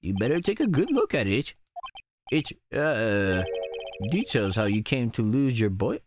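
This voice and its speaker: A man voicing an elderly male lawyer with a deep, drawling, pompous game voice. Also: very animated, a little slow, soft background music. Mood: self-assured.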